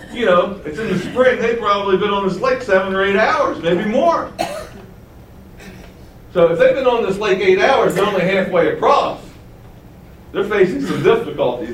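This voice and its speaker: A man's voice: sits high, moderate pace, a little hiss or hum. A man preaching a Bible-teaching sermon in a conversational way, with chuckling asides as he reads scripture. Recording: roomy and distant, faint ambience.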